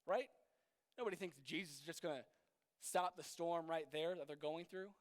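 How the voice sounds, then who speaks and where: Young man, youth pastor, very high voice, smooth tone, casual sermon, echoing hall. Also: moderate pace, long pauses. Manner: casual, conversational preaching with many fillers and rhetorical questions. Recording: long hall reverb.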